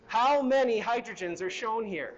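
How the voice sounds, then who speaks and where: A man's voice: sits high, lively intonation, normal speed, lo-fi sound. A middle-aged man teaching a university chemistry lecture in a hall, conversational and asking the class questions as he goes.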